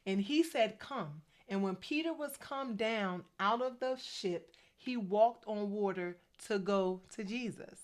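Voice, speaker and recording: A woman in her fifties gives a casual faith-based vlog, chatty and a little preachy. She speaks with a middle pitch, tossing in quick asides between her points. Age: 50s. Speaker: faith vlogger.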